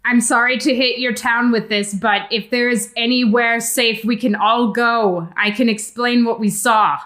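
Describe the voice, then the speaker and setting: A woman's voice: fairly high pitch, steady tone, unhurried, a bit bright, roomy sound, long reverb tail, voice pushed up. A woman voicing an earnest young female adventurer who asks strangers for help in a polite, urgent way. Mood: pleading.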